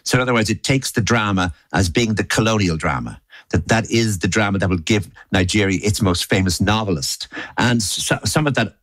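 A man's voice: on the low side, a little fast, a bit bright, no echo. A middle-aged Irish man hosting a conversation, articulate and playful, sometimes acting out song lines. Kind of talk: casual conversation.

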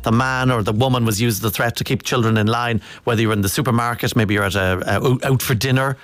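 A man's voice: medium pitch, steady tone, quick pace, no echo. An Irish man hosting a radio talk show, chatty and teasing, speaking into a studio mic. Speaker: radio presenter.

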